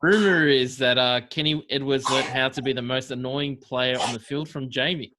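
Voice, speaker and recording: A man's voice: medium pitch, normal speed, heavy background noise. A man, co-hosting a podcast in a chatty, teasing casual way. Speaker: podcast co-host. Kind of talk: casual chat.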